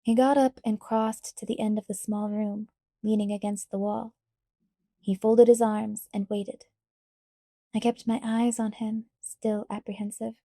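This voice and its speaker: A woman reading a novel aloud in quiet, even first-person narration. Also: medium pitch, no echo, studio quality. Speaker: audiobook reader.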